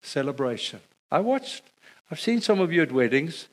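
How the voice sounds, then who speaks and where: Middle-aged male pastor, sermon delivery, animated storyteller who builds to a refrain, voice a touch high. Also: moderate pace.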